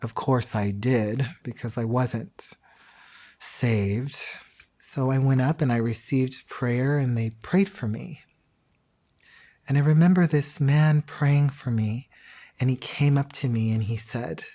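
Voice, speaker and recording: Man telling his testimony slowly and calmly. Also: medium pitch. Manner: calm, measured, deliberate. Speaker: interviewee. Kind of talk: personal testimony.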